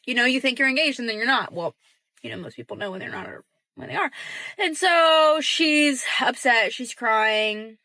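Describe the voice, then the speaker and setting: A young woman casually telling a story about her roommate, quietly acting out the dialogue. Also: a little high, expressive, normal speed, no room sound. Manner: chatty, acts out quoted dialogue in a hushed voice.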